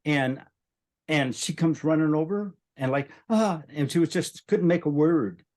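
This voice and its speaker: A man's voice: fairly high pitch, normal speed, a little mellow. An older man, a spiritual teacher, telling a story in conversation and acting out the voices he quotes.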